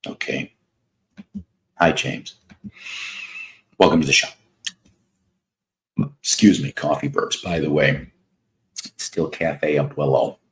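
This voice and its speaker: Very deep-voiced man in his fifties, slow, sardonic. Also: fairly even intonation, fairly bright tone, a little hiss or hum. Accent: American Mid-South. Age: 50s. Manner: rambling, sardonic, talks to chat viewers by name. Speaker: livestream host. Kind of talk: casual livestream chat.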